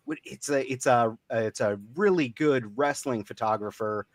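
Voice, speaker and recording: A man's voice: mid-range voice, normal speed, no echo, clean studio sound. A man co-hosting a casual livestream, rambling with hesitant restarts. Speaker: podcast co-host.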